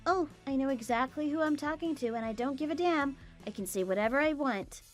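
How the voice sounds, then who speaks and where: A woman's voice: high voice, brisk, soft background music, natural voice. A woman voicing a young daughter-in-law in a dramatized story, blunt and talking back. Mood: defiant. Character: young wife, worn down then defiant.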